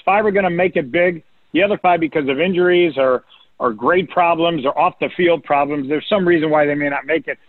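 An older man talks sports on a call-in radio show, rambling through stories and quoting coaches in a lifted voice. His voice sits a bit high, and the sound is dry and squeezed like a phone line. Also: no room sound. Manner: storytelling, quotes coaches in a raised voice. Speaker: recruiting analyst guest. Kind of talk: casual radio sports talk.

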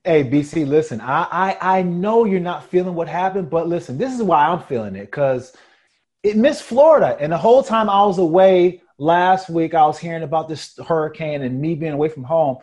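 A man co-hosting a podcast in a relaxed, easygoing chat, laughing often. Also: fairly high pitch, a little fast. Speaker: podcast co-host.

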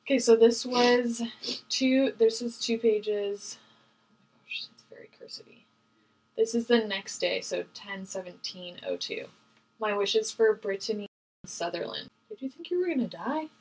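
A young woman co-hosting a casual podcast with her mother, chatting and slowly reading old letters aloud. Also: fairly high pitch, a little mellow, breathy edge, low-quality recording. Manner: reads letters out slowly, emotional. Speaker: podcast co-host.

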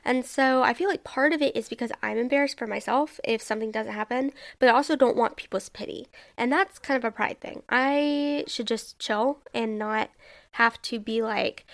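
A woman's voice: fairly high pitch, a little fast, creaky. A young adult woman hosting her own podcast, talking alone in a rambling, self-questioning way with lots of "like". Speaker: podcast host. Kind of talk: casual solo podcast monologue.

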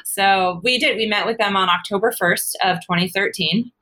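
Brief: woman guest, conversational storyteller, animated, laughs easily, lots of fillers, mid pitch. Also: moderate pace. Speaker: guest, former pro cyclist and author. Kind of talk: casual interview conversation.

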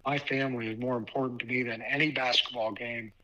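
A man in his fifties from Ohio, a basketball official guest telling a personal story in a halting way, often repeating words. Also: mid-range voice, steady tone, bright, forceful tone, highs cut off. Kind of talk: casual storytelling interview.

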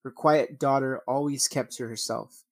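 At a moderate pace, a medium-pitched man speaking in a steady tone narrates true crime from news articles, then rants with swearing. He stumbles over names and restarts often, and the recording has no echo.

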